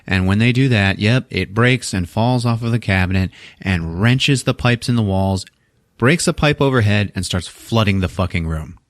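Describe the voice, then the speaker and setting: A man hosts a podcast and recaps a movie in a crude, casual way, laughing as he tells it with animated flair. His voice sits fairly low and moves at a moderate pace, with clean studio sound and no room noise.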